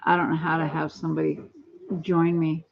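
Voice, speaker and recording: A woman's voice: low-pitched, monotone, brisk, vocal fry, slight background noise. A woman in her sixties chatting at home on a phone live stream, rambling from one topic to the next. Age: 60s. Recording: dull lo-fi phone audio.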